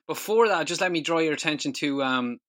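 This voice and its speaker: A man's voice: fairly high pitch, animated, a little fast, fairly bright tone, dry recording, studio quality. A man hosting a football podcast, loose and full of fillers. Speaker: podcast host. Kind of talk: casual football discussion.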